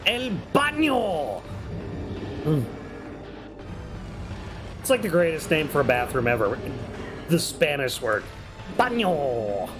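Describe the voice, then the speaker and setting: Animated, chatty man with a slight drawl. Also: mid-range voice, slow pace, pauses often, music in the background. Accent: mild Southern drawl. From New York. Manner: chatty, profane, laughs often. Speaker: streamer. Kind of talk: casual gameplay commentary.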